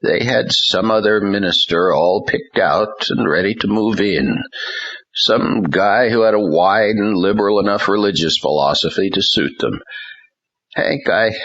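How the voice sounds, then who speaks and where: A blunt, world-weary older pastor, voiced by a man, talking slowly and with force. The voice is very low and bright-edged, slightly husky, on a dull, lo-fi recording. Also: heavily acted. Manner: slow, faltering, forceful. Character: older ousted male pastor, blunt mentor.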